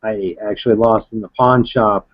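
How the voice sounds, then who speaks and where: A man hosting a live broadcast, chatting casually about his young son in a halting, hesitant way. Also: fairly low pitch, fairly even intonation. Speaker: father and stream host. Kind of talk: casual chat. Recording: dull lo-fi sound.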